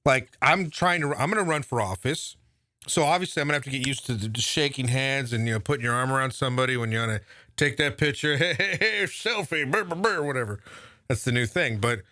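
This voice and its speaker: A man's voice: mid-range voice, fast talker, bright, forceful tone, dry recording, studio quality. A man ranting casually about politics, profane and sarcastic. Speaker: political commentator.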